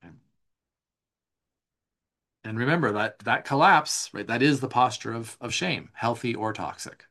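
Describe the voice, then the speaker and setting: A man leading a live somatic class, reading notes aloud and explaining them in a relaxed, conversational way, responding to viewer questions. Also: mid-range voice, moderate pace, pauses often. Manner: reads slides aloud, then explains in casual asides. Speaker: somatic teacher. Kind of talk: live online class teaching.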